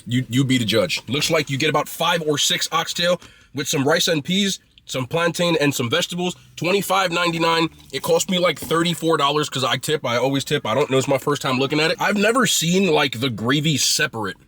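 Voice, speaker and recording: A man's voice: mid-range voice, pushed and bright, slightly rough. A man casually reviewing food he is eating, chatty and blunt, with loose slangy talk.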